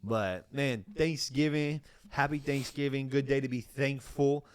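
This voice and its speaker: A man's voice: mid-range voice, fairly even intonation, a little slow, clear, resonant tone. A young man co-hosting a podcast, chatting casually and rambling with restarts. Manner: laid-back, rambling, laughs often, restarts phrases. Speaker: podcast co-host. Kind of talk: casual chat.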